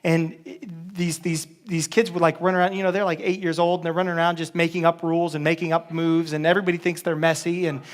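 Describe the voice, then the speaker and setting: A man's voice: a little high, level tone, fast, few pauses. A man preaching a casual, joking sermon as a pastor, with many restarts.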